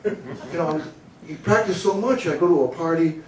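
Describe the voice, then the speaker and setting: A man's voice: fairly quick, very noisy. Older American man telling a funny story in an echoey hall. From United States. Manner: animated storyteller who puts on a booming announcer voice and laughs at his own jokes. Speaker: motivational humor speaker. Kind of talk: storytelling keynote talk. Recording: echoey hall, mic at a distance.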